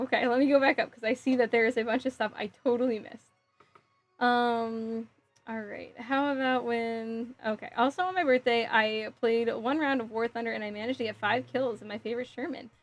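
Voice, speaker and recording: A woman live streaming from home, chatting casually, reading chat aloud and giggling as she thinks out loud. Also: a little high, normal speed. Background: faint music.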